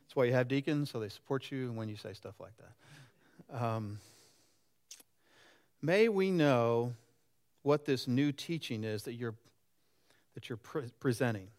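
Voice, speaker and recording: A man's voice: mid-range voice, a little slow, long pauses. A pastor in his sixties gives a conversational sermon and often puts questions to the congregation. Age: 60s. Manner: lively and animated.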